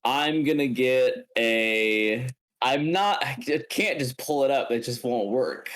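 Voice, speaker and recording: A man playing a tabletop role-playing game who talks in an animated way, thinking aloud and laughing often. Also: medium pitch, slow. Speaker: player. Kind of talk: casual tabletop game play.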